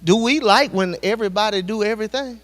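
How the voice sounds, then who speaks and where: Man preaching in a church, really high voice, keeps asking the congregation questions, long hall echo. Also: fast, fairly bright tone. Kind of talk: sermon. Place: church sanctuary.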